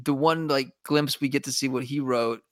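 A man's voice: medium pitch, steady tone, moderate pace, fairly bright tone, dry recording, studio quality. A man co-hosting a podcast, chatting casually about a TV episode, often stumbling and restarting his words. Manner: stammering restarts, chuckling. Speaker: podcast co-host. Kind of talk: casual TV recap chat.

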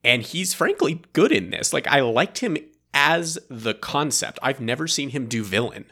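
Guy on a movie podcast, gravelly low voice, bright edge, rambly and laughing a lot. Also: normal speed. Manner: rambling, animated, laughs often. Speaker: podcast co-host. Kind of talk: casual movie review chat.

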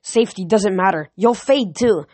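A woman's voice: medium pitch, moderate pace, darkish tone, no echo, close to an everyday voice. A woman doing an insistent teenage boy pleading with his father.

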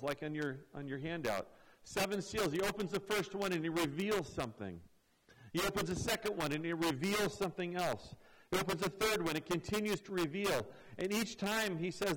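A man with a somewhat high voice preaching a teaching sermon. He explains each point patiently and often doubles his words as he restarts a phrase. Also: a bit bright, a little hiss or hum, rough recording. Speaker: pastor.

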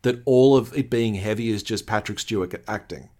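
A man's voice: fairly low pitch, brisk, a crowd in the background. A young man co-hosting a podcast in casual chat, enthusiastic and chuckling as he recalls scenes. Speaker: podcast co-host.

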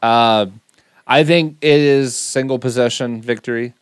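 A man's voice: medium pitch, steady tone, unhurried, clean tone, no room sound. A man co-hosting and producing a casual sports podcast, tossing in teasing, goofy remarks. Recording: dry podcast mic.

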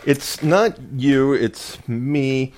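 A man co-hosting a podcast, delivering puns slowly with many hesitations. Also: medium pitch, darkish tone. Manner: slow, hesitant with many uhs. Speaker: podcast co-host. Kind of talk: casual pun-swapping chat.

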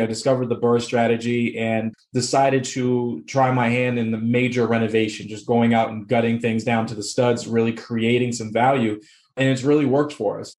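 Man, from Boston area, interview guest, mid pitch, echoey room, relaxed storytelling. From Boston area, United States. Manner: laughs easily, relaxed storytelling. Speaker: guest, real estate investor. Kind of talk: casual interview chat.

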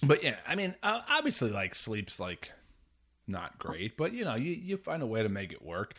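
A man's voice: mid-range voice, moderate pace. A man in his thirties co-hosting a podcast, chatting casually and acting out quoted lines with a laugh. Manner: lively, laughs often, acts out quotes. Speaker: podcast co-host. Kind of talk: casual chat.

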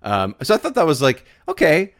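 A man's voice: fairly high pitch, wildly swooping pitch, fairly quick. A man guesting on a gaming podcast, chatty and easygoing, laughing often. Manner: chatty, laughs easily, many restarts. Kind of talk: casual gaming chat.

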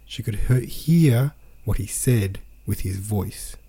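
A man's voice: on the low side, lively intonation, slow pace, vocal fry, mellow, slightly rough. A man hosting a podcast, reading from a novel aloud and complaining in an exasperated, ranting way about its wordy sentences. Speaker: podcast host.

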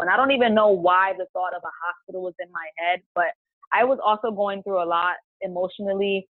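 A woman's voice: lowish voice, brisk, dry recording. Woman on a tinny phone line. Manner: chatty, heavy use of "like", retells her own past words aloud. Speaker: podcast guest. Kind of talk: casual personal storytelling.

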